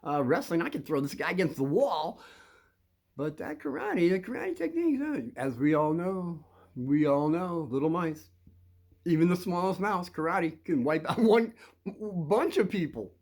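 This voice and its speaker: A man's voice: on the high side, sing-song, normal speed. Rambling man acting out schoolyard scenes. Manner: rambling, acts out scenes with sudden loud quoted lines. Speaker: host giving kids advice on bullies. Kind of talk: rambling monologue to children.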